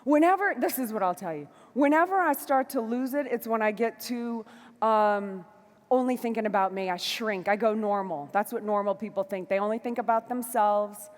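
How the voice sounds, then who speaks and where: A woman giving a motivational stage talk to a live audience, fiery and emphatic, moving between shouts and soft asides. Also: fairly high pitch, normal speed, long reverb tail. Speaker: motivational speaker. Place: large hall before a live audience.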